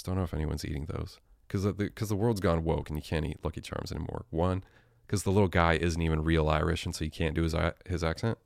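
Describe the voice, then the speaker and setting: Young guy rambling solo on his show, low deep voice, dry close sound, swears, lots of uhs. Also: gravelly, a little mellow, no echo. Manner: rambling, self-deprecating, swears casually. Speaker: podcast host. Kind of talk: casual solo monologue.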